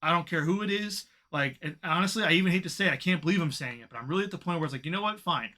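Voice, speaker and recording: A man co-hosting a casual wrestling podcast, talking in an animated way and swearing as he vents. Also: fairly high pitch, racing. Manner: animated, swearing, venting frustration. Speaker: podcast co-host.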